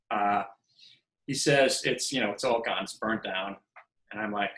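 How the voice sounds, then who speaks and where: A man's voice: on the low side, unhurried. Storytelling man in an echoey room. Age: 50s. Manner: animated storyteller who acts out quoted dialogue. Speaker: podcast guest, filmmaker. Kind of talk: casual storytelling interview.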